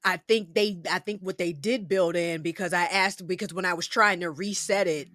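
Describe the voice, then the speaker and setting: Bright-voiced animated woman podcast host. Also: on the low side, moderate pace, no room sound, studio quality. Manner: animated, laughing, rising emphasis. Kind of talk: casual tech podcast chat.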